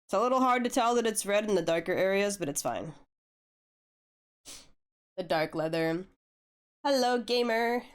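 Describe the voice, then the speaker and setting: A young woman art streamer chatting casually with viewers while she draws, a little hoarse as she gets over a flu, laid-back and swearing freely. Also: medium pitch, normal speed, pauses often.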